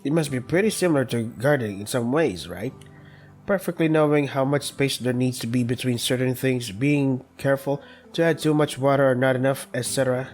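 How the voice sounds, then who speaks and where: A friendly young protagonist talks casually and cracks self-conscious jokes, as a man reads the part aloud in a visual novel playthrough. The voice sits at an ordinary middle pitch. Faint music plays behind it. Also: brisk, darkish tone, lightly acted.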